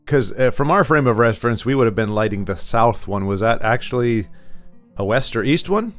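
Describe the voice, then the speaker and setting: A man playing a tabletop game in casual chat, talking in a hesitant, filler-heavy, animated way. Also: medium pitch, a little fast, faint music behind. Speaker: player.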